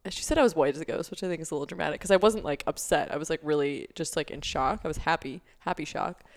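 Woman, young adult, casual podcast chat, filler-heavy storytelling, slightly low pitch. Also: quick pace. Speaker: podcast co-host.

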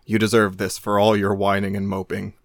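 A man voicing a smug villain on stilts who scolds in a low voice. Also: completely flat delivery, fairly quick, no room sound, studio quality, lightly acted. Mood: scolding.

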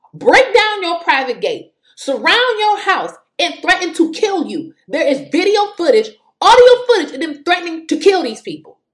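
A woman speaking in who has school-age kids, giving fiery, exasperated political commentary and repeating words for emphasis. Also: very high voice. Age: adult with school-age children.

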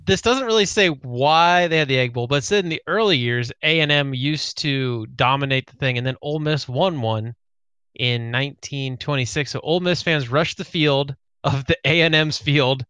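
A man's voice: mid-range voice, normal speed, pushed and bright, clear, resonant tone, no echo. A man co-hosting a casual sports podcast, wisecracking and swearing casually. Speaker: podcast co-host.

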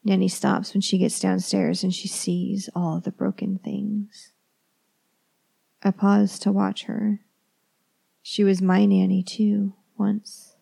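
A woman tells a first-person horror story in a calm, measured voice that sinks to a hush at times. Her tone is dark and mellow, with a gravelly edge. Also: medium pitch. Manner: calm, measured, dropping into whispers.

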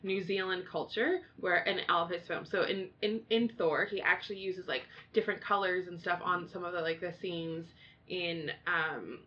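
Co-host: woman, bright forceful voice, rambly and lively, lo-fi recording. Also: on the low side, normal speed. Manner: rambling, animated, many fillers. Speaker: podcast co-host. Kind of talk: casual chat. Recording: dull lo-fi sound.

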